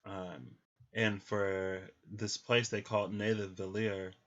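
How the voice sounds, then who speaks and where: A man's voice: on the low side, flat delivery, slow pace. A man giving a casual livestream tarot reading, thinking aloud with many ums. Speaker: tarot reader. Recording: slightly muffled lo-fi audio.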